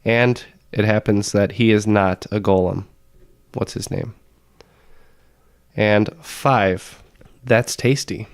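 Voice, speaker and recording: A man with a low, gravelly voice, raspy and hoarse from illness. He reads trivia questions and categories as a podcast quizmaster. The sound is close and dry, with no room echo. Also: fairly even intonation, slow, few pauses. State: sick, hoarse voice.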